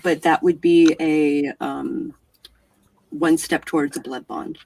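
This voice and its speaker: A woman acting as storyteller for a tabletop role-playing game, talking in a relaxed, hesitant way with many fillers. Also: deep voice, takes it slowly, vocal fry, far from the mic, crowd noise.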